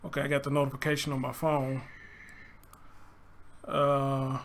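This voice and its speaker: A man's voice: mid-range voice, completely flat delivery, a little slow, a little hiss or hum. A man with a Southern US accent hosting a casual livestream commentary show, chatty and loose, greeting viewers by name. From Southern United States. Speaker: livestream host.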